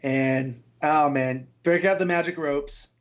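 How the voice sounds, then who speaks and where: A man's voice: fairly high pitch, slow pace, dull audio. A man co-hosting a comics podcast, chatting casually and giving blunt, opinionated takes. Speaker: podcast co-host. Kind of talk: casual chat.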